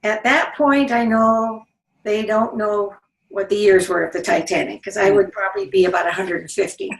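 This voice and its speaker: A woman's voice: mid-range voice, steady tone, moderate pace. A woman in her seventies, born in England and raised in South Dakota, chatting as a guest author with wry, anecdotal storytelling. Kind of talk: storytelling interview. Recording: roomy, distant mic.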